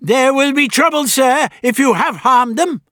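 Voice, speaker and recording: A man voicing a stern elderly gentleman traveller who speaks in a loud, forceful, commanding way. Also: very high-pitched, unhurried, no room sound, studio quality, pitched above the performer's own voice.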